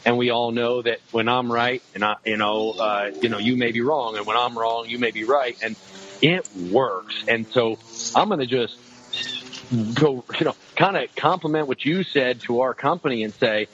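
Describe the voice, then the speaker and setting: A man's voice: medium pitch, normal speed, fairly bright tone. A man, a guest on a podcast, talking casually about his outdoor show. He rambles, restarting his sentences and filling them with "you know" and "um.". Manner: rambling, many restarts and fillers. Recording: slightly dull lo-fi sound, faint noise.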